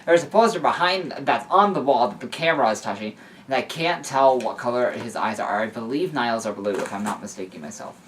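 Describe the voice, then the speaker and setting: A man's voice: mid-range voice, lively intonation, a little fast, a bit bright, slight background noise. A young man reading fan fiction aloud and breaking off for chatty, rambling asides. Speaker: story reader. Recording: voice somewhat distant from mic.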